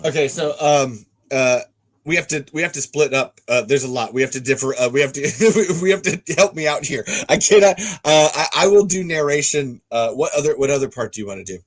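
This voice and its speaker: A man's voice: a little high, expressive, brisk. A man hosting a podcast, rambling and swearing freely as he sets up and narrates a script read-through.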